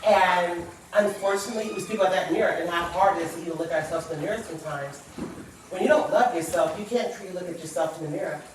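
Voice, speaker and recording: A woman's voice: lowish voice, fast, background noise. A middle-aged woman, a guest author, sharing a personal story on a talk show in an earnest, reflective way. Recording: echoey room, far from the mic.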